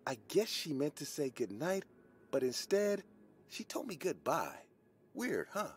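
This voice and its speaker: A man's voice: fairly high pitch, very animated, measured pace, a little hiss or hum, voice pushed up. A man voicing a dazed woman patient with a head injury, in a raised voice.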